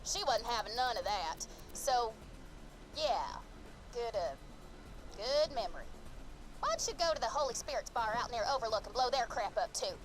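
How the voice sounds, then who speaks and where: A woman's voice: on the high side, animated, normal speed, long pauses, soft background music, natural voice, low-quality recording. An actress voicing a brash, crude young backwoods woman in a video game, folksy and wisecracking. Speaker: game character.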